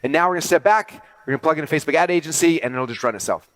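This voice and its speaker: A middle-aged man giving an animated business talk to an audience, talking quickly and excitedly with many fillers and restarts. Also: a little high, no echo. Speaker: speaker presenting to an audience.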